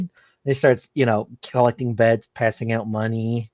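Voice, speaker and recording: A man's voice: mid-range voice, flat delivery, moderate pace, darkish tone, dry recording. A man narrating as game master of a tabletop game in a loose, rambling way with many restarts.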